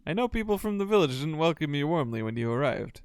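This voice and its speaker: A man's voice: on the high side, big pitch swings, fast, clear, resonant tone, dry recording. A man voicing a friendly, earnest male sawmill worker who rallies people to his side.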